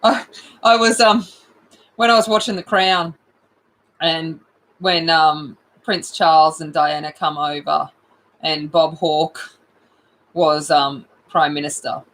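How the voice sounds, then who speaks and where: Australian woman, livestream host, unhurried rambling chat, bright tone. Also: deep voice, poor audio. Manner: chatty, rambling, with excited outbursts.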